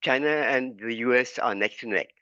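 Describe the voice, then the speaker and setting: A man's voice: medium pitch, moderate pace, pushed and bright, no room sound. A man in an online class making his point emphatically, repeating figures to drive them home. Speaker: class participant. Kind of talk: argumentative discussion. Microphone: video call. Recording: dull, dry video call audio.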